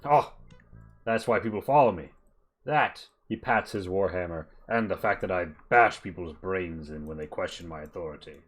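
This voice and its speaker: A man voicing a large, gruff male bugbear mercenary captain who talks bluntly and boastfully. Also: low voice, moderate pace.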